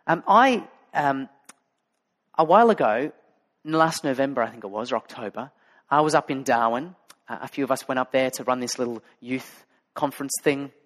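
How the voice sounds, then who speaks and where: A man's voice: mid-range voice, lively intonation, normal speed, fairly bright tone. A man with an Australian accent preaching a sermon as a pastor, talking conversationally and telling stories with many fillers and restarts. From Sydney, Australia.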